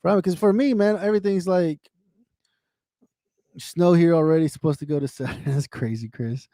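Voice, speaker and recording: A man's voice: on the high side, moderate pace, dark tone, no echo, studio quality. A man talking candidly on his own livestream, swearing freely, repeating himself and speaking to viewers by name. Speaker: livestream host. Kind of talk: casual emotional chat.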